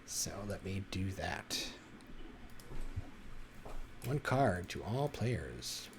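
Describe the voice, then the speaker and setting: Lowish-voiced guy running a tabletop game, lots of uhs and restarts. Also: big pitch swings, background noise. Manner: descriptive, halting with fillers. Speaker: game master.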